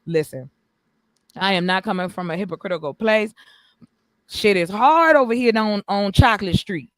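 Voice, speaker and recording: A woman hosting a casual live stream, animated and joking, swearing freely. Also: medium pitch, normal speed, no echo. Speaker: stream host. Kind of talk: casual chat.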